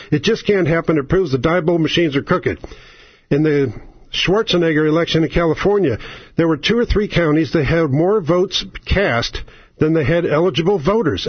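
Husky, exasperated ranting radio host. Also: male voice, a little high, dry recording. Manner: angry, sarcastic, exasperated. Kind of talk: political radio rant. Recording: lo-fi, dry radio sound.

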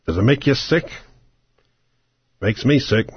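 A man's voice: mid-range voice, lively intonation, unhurried, pauses often, breathy edge, dry recording, muffled recording. A man hosting a talk radio show, ranting about politics with angry sarcasm, profanity and strings of rhetorical questions.

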